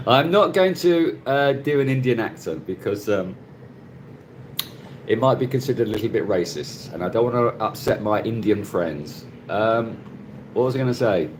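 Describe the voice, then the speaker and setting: A fairly low, lively voice belongs to a middle-aged man livestreaming casually on his phone from Cebu, Philippines. He speaks unhurriedly and pauses often, with slight background noise, greeting viewers by name and laughing often as he chats.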